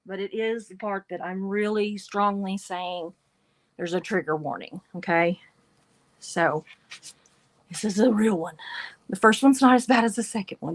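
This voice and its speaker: A woman reads passages aloud on her livestream at a slow, deliberate pace, stopping now and then for dry, wry asides. Her voice sits a little low, and the recording is close and dry, with no room sound. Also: dry recording. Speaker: livestream show host. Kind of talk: reading aloud with commentary.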